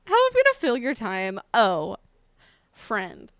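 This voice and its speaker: A woman's voice: fairly high pitch, wildly swooping pitch, unhurried, clean tone, dry recording, studio quality. A woman live streamer chatting casually with her viewers, playful and profane.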